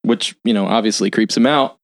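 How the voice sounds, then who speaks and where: A man's voice: fairly low pitch, brisk, dry recording, clean studio sound. A man on a film podcast recapping a plot in a loose, profane, filler-heavy way.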